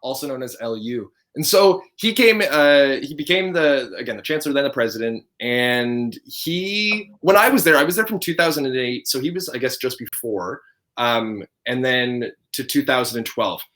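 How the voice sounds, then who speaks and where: Animated man telling a story casually. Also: medium pitch, normal speed. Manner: animated storyteller, laughs often, self-interrupting. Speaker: podcast host.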